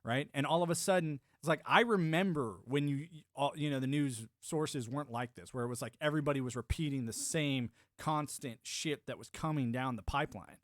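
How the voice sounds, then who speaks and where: A man's voice: mid-range voice, a little fast, hardly any pauses, dry recording, studio quality. A man hosting a livestream, riffing loosely in casual political commentary and chatting with his viewers. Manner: rambling, animated, frequent restarts and mock-quoted voices. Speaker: livestream host.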